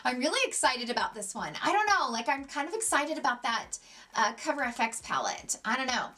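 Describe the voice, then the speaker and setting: Young woman vlogger, high bright voice, gushing casual chat about products. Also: very animated, brisk. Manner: gushing, enthusiastic, rambling. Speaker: beauty vlogger. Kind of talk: chatty unboxing vlog.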